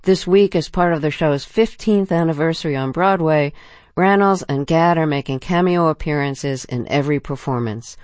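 A woman hosting a radio interview, asking curious, measured questions. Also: sits low, darkish tone, no room sound, studio quality.

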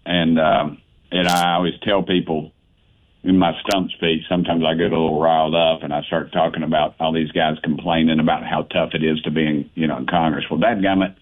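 A man's voice: rumbling low, level tone, a little fast. A man calling in to a radio show, folksy and blunt in how he talks. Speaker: congressman, radio guest. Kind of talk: phone-in radio interview. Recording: tinny phone line.

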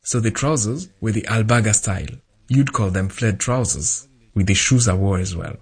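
Husky man reading a voice-over. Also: on the low side, moderate pace. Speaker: voice-over interpreter. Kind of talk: translated first-person voice-over.

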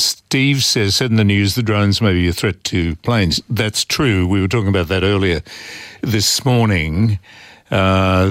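A man's voice: on the low side, no echo, studio quality. A man with an Australian accent hosting talkback radio, reading listener messages and giving his opinions. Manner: relaxed and opinionated, reads listener texts. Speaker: radio talk host.

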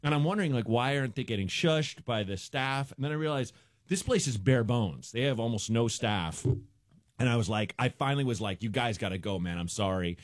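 A man's voice: mid-range voice, a little fast, dry recording, clean studio sound. A man, a stand-up comedian, guesting on a radio show and telling a rambling story, acting out the people in it. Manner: rambling, animated storyteller who acts out characters.

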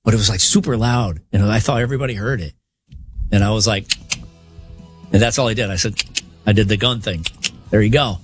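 A man's voice: on the low side, fairly quick, pauses often, faint music behind. A man co-hosting a radio show, telling a story in an earnest, casual way and stumbling over his words. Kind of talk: casual on-air banter.

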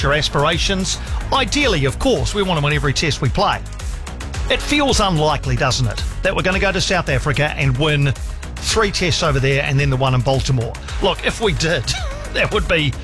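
Chatty New Zealand talkback host. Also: male voice, a little high. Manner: chatty, reads listener emails aloud. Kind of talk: talkback radio. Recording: dry studio sound with faint music.

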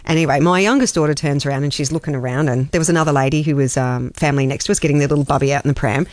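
A woman's voice: sits low, very fast, no room sound. A woman in her thirties, co-hosting breakfast radio and telling a funny family story with lots of laughter and restarts. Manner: animated storyteller, laughs often, many restarts. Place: radio studio.

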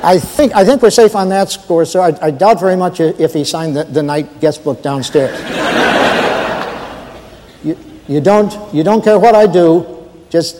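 Man doing a jittery rookie guard on the phone, halting and deferential, higher voice, long hall reverb. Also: background noise, close to an everyday voice. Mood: flustered. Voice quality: stammering, hesitant, overly polite. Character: nervous new male night guard phoning his boss. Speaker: comedian.

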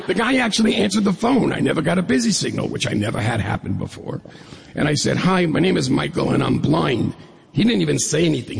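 A man's voice: on the high side, gravelly, husky. A middle-aged man from New York State telling a humorous personal story on stage, acting out the dialogue. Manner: humorous, lively storyteller who acts out dialogue. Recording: echoey hall reverb.

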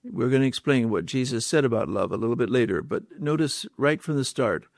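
Preacher, male, mid-pitched, dry close sound, emphatic with repeated words and rhetorical questions. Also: animated, brisk, no echo. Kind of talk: sermon.

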